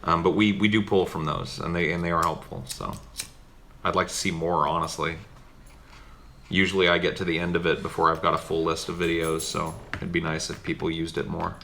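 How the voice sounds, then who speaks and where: A man's voice: low voice, little pitch movement, a little fast, vocal fry, sharp tone, a little hiss or hum. A man co-hosting a casual livestream, talking in a laid-back, slangy way. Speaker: co-host reading chat.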